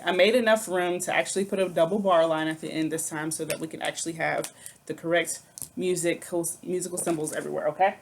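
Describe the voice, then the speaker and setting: Low-voiced woman music teacher, counting rhythms. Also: a little hiss or hum. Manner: patient, counts aloud and chants rhythm syllables. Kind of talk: recorded online music lesson.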